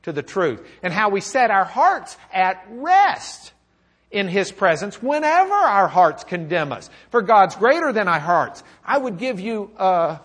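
A man's voice: high voice, big pitch swings, unhurried, fairly bright tone. A man preaching a sermon, reading scripture aloud with rising feeling and talking to his listeners. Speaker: pastor. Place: church or classroom with a document camera.

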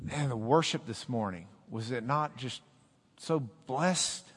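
A man preaching a sermon as pastor, rising loud and high when he quotes scripture and dropping low and quiet to explain. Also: measured pace, slight background noise. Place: church sanctuary. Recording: echoey hall.

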